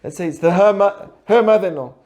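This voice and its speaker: Talking fast in a high voice with a darkish tone, a male Torah teacher leads a conversational lesson on ethics. He performs quoted exchanges in character and keeps posing rhetorical questions to the listeners.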